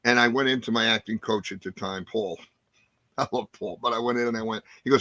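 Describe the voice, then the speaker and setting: A man in his sixties, a guest actor telling animated, profane stories in a casual interview. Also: medium pitch, fast, dry recording. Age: 60s. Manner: animated, profane, acts out scenes.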